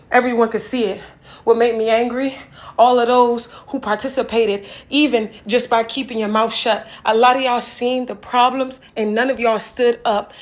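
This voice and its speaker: A woman performing a raw, intense spoken word piece. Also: a little high. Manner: raw, intense and accusing, swinging between hushed and forceful; repeats words and phrases like refrains. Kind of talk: improvised spoken word poem.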